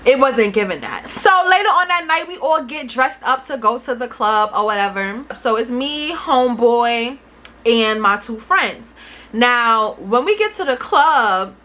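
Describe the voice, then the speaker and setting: Young New woman vlogger, animated and slangy; bright, fairly high voice. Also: measured pace. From New York City. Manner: animated, slangy, swearing freely. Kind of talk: casual storytime.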